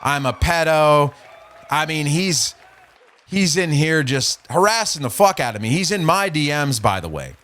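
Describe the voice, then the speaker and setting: A man's voice: on the high side, big pitch swings, a little slow, fairly bright tone, a faint crowd. Profane man telling a trolling story. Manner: profane, trolling, reads messages aloud. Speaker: podcast host. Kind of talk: casual storytelling.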